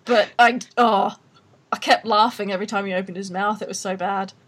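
A woman's voice: mid-range voice, steady tone, a little fast, a bit bright. A woman with an Australian accent hosting a podcast in casual chat, blunt and opinionated, often laughing. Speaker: podcast host.

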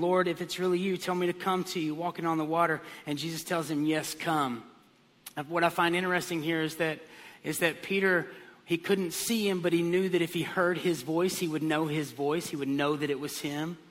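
Animated man preaching in a reverberant hall. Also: sits high. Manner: animated storytelling with comic voices. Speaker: pastor. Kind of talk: sermon.

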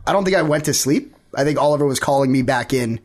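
A man, co-hosting a podcast in casual chat and trading quick jokes. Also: mid-range voice. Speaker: podcast co-host.

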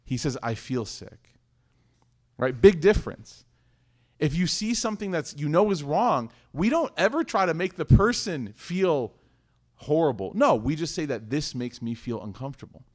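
A man in his thirties giving a religious talk to an audience, telling a personal story in an animated, jokey way, dropping to hushed asides. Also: fairly high pitch, normal speed. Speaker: Islamic teacher.

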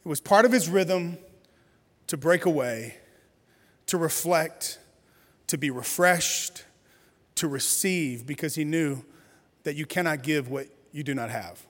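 A man in his forties preaching as a guest pastor, chatty and animated, with playful storytelling asides. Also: a little high, measured pace, pauses often. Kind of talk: sermon. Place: church sanctuary. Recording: reverberant church hall.

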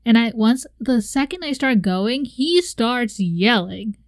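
A woman's voice: on the high side, lively intonation, slow, no room sound. A young woman co-hosting a casual chat, telling a story animatedly and acting out her own reactions with laughs. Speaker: podcast co-host.

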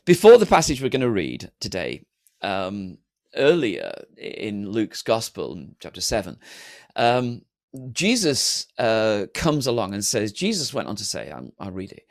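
A man preaching a sermon to an online congregation, animated and humorous, slipping into flat mock-bored voices. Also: lowish voice, measured pace, creaky. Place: streamed church service.

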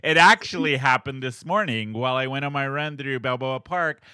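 Male podcast co-host, bright tone, chatty and laughing, dead-dry recording. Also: mid-range voice, moderate pace, clean tone, no room sound. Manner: animated, laughs often while telling stories. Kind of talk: casual chat.

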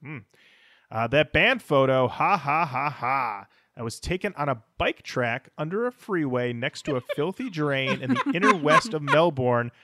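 A man's voice: fairly high pitch, sing-song, unhurried, bright, forceful tone. A man co-hosting a music podcast, reading listener comments aloud in a wry, casual way. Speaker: podcast co-host.

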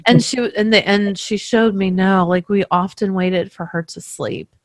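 A woman working as a medium, tenderly recounting a reading to the person she read for, emotional and halting. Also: medium pitch, fairly even intonation, dry recording.

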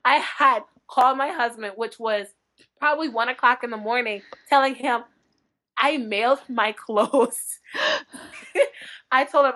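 A woman book blogger chatting as a podcast guest, telling lively stories with frequent laughter and acted-out quotes. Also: on the high side, unhurried, pauses often. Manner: animated, laughing often, acts out quotes. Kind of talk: chatty podcast interview storytelling.

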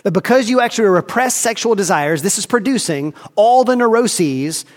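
A man's voice: high voice, expressive, moderate pace, big-room sound. A man preaching a sermon as a pastor, asking emphatic rhetorical questions and acting out inner dialogue.

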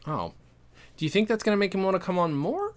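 A man's voice: high-pitched, sing-song, fast, crowd noise. A man co-hosting a comedy podcast, bantering casually, joking and laughing often with rambling asides. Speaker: podcast co-host.

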